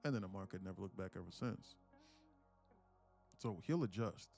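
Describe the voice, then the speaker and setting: A man talking to his live-stream audience in a rambling, excitable way, repeating himself and swearing. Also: low voice, moderate pace, creaky, soft background music. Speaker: day trading streamer. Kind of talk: casual live-stream commentary.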